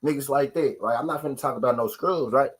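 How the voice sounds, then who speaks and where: Husky man ranting about boxing fans. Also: mid-range voice, quick pace, rough recording. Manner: repeats "right?" constantly, profane street slang. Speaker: boxing talk show host. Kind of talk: live-stream casual rant.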